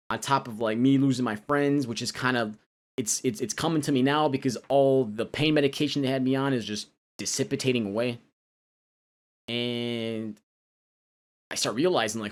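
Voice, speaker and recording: A young man telling his own story in a loose, halting way, full of restarts and casual slang. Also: medium pitch. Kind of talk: personal storytelling.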